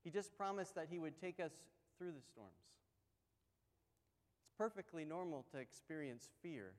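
A man with a fairly high voice preaches a sermon as a pastor at a normal speed. He talks conversationally and tells the story with energy, acting out the voices in the quotes. The recording carries a long hall reverb.

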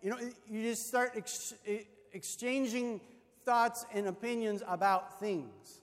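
Man, pastor, sermon, high voice, emphatic storytelling, long hall reverb. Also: takes it slowly.

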